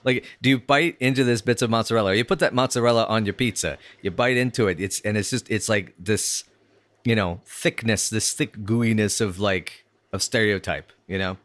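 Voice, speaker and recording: Fairly bright and on the low side, this man's voice moves at a moderate pace on a dry recording. Co-hosting a podcast, he rambles through a casual chat about a sitcom episode, full of fillers and restarts.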